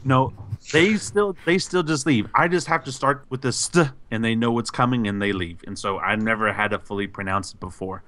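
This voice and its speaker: A man co-hosting a podcast gives a hyped shout-out with playful, over-the-top praise. His delivery swings into mock bravado, talking big for laughs. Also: mid-range voice, normal speed, a little hiss or hum. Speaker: podcast co-host.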